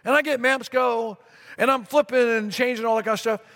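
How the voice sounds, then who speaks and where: A middle-aged man preaches from the stage of a church, his fairly high voice carrying a long reverb through the sanctuary. He tells a story with repeated phrases and lively asides, speaking into a stage microphone. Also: brisk. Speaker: pastor. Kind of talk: sermon.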